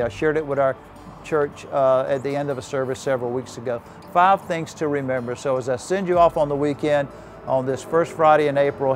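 A man speaking as a pastor, giving a short, upbeat weekend devotional and leading listeners to repeat lines after him. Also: a little high.

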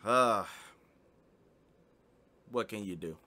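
A man with a Southern US accent speaks slowly, in an easygoing way. His voice is bright and forceful, and he drops folksy asides between chuckles. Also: lowish voice. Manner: laid-back, laughs, folksy asides. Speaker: reaction video host. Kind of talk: casual reaction commentary.

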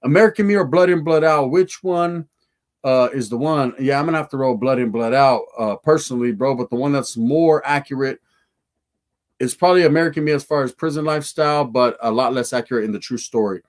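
A man's voice: mid-range voice, brisk. A man hosting a casual livestream, reading viewer comments aloud in profane street slang mixed with Spanish words. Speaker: livestream host.

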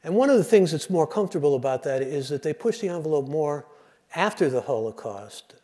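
A man with a slightly high, animated voice speaks briskly and warmly. He's a radio host giving a storytelling lecture that jumps from joke to joke, conversational and full of digressions.

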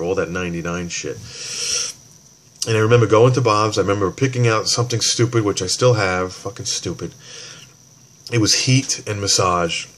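A man's voice: low voice, a little hiss or hum. A man ranting heatedly about a store, swearing and rambling, acting out both sides of phone calls. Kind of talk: casual rant.

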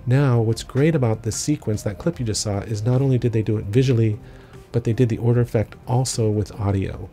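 A man's voice: mid-range voice, fairly quick, mellow, soft background music. A man explaining a filmmaking technique as an instructor, talking it through step by step with casual asides. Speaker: film school instructor. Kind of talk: explanatory lesson narration.

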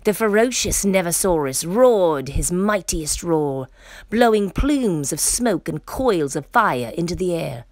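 A woman reading a children's picture book aloud in an expressive, playful way. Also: fairly low pitch, measured pace, no room sound. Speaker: storyteller. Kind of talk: children's story read-aloud.

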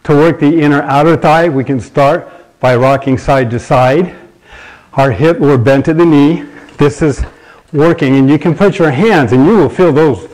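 A man's voice: fairly high pitch, normal speed, a little mellow, rough recording. A man in his sixties hosting a live fitness show, explaining exercises while demonstrating them and answering viewer questions. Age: 60s.

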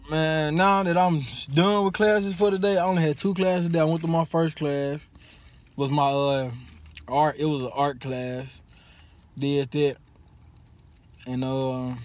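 Slangy young man telling a story. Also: a little high. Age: young adult. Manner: slangy, animated, swears and says sorry. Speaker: college student vlogger. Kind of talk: casual storytelling to camera.

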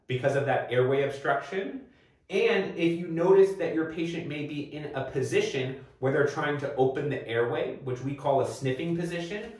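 A man's voice: a little high, recorded from a distance. Man teaching medicine in an echoey room. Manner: clear, methodical teaching with rhetorical prompts. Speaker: medical educator. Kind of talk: recorded medical lecture.

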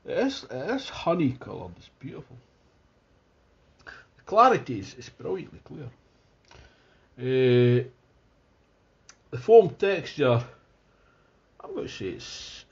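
A man's voice: a little high, vocal fry, a little mellow, lo-fi sound. A man with a Scottish accent giving a casual, enthusiastic beer tasting review, thinking aloud as he goes. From Scotland.

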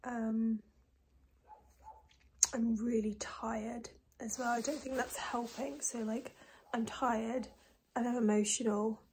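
A woman in her twenties talking casually in a video diary, soft and breathy, often near a whisper, low and tearful. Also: level tone, a little hiss or hum. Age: 20s. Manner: soft, breathy and often close to a whisper, with many pauses and fillers. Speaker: vlogger.

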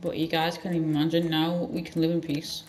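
A gaming channel host giving rambling let's-play commentary with sudden loud outbursts. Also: mid-range voice, level tone, normal speed, a little hiss or hum.

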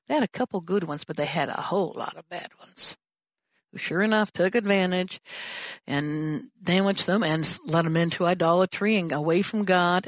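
A woman's voice: medium pitch, dry recording. A woman pastor teaching a sermon in a conversational way, often slipping into the voices of the people she describes. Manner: conversational, acts out prayers and dialogue in changing voices. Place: church.

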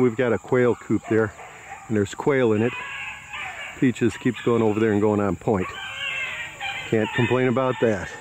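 A man who breeds dogs narrates casually while filming outdoors with a handheld camera, proudly commenting on the animals. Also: medium pitch. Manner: proud, fond commentary on the puppies. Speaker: dog breeder. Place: outdoors in a yard by a quail coop. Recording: outdoor noise with crickets and insects.

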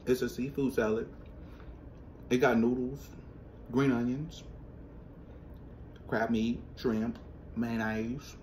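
A man hosting a casual reaction vlog, speaking straight to his viewers in an animated, slangy way. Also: mid-range voice, slow pace, long pauses, slight background noise. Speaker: vlogger.

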